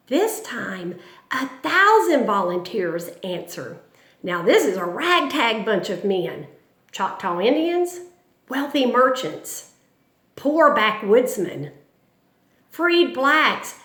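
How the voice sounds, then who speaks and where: A woman's voice: a little high, a bit bright, echoey room. Woman telling history dramatically. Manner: dramatic, emphatic storytelling. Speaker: teacher. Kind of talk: history lesson storytelling.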